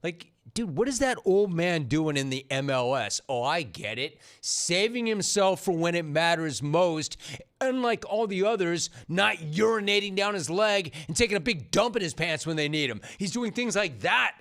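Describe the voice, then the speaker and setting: A man's voice: high voice, expressive, normal speed, fairly bright tone. A man hosting a sports talk radio show, riffing and emphatic, on a studio microphone.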